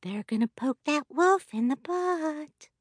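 A woman's voice: high-pitched, animated, slow, no echo. A quirky female toy giraffe murmurs her questions in a light, bouncy storybook voice, performed by a woman. She sounds earnest and a little puzzled. The recording is close and dry. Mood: curious. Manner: hushed, wondering. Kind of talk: audiobook character voice.

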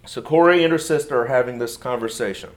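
A male pastor preaches with earnest conviction, his voice sitting in an ordinary middle range. He talks in a halting way, restarting and repeating words as he builds his points. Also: mid-range voice. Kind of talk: sermon.

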